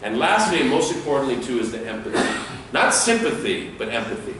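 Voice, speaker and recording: Male security trainer lecturing a class, animated delivery, recorded far off in a boomy room. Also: brisk, slight background noise. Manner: lively, demonstrates dialogue with acted lines. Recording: echoey room, speaker far from mic.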